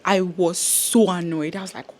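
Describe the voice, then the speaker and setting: A young woman, telling a travel story to camera in an animated, exasperated way. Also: fairly low pitch, normal speed. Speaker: travel vlogger.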